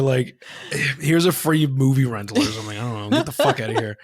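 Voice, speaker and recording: A man's voice: medium pitch, fast, crowd noise. A man co-hosting a casual podcast, telling a childhood story with lots of swearing and acted-out voices. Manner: animated, profane storyteller acting out voices. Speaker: podcast co-host.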